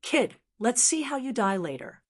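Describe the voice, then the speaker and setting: A woman's voice: on the high side, very animated, normal speed, pitched above the performer's own voice. A woman reading the lines of arrogant ancient male demons in an audiobook, with contemptuous threats.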